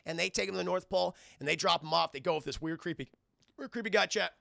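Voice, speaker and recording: A man's voice: high-pitched, quick pace, gravelly, sharp tone, no echo, studio quality. A man recapping a film on a live stream, rambling and profane, talking to his chat.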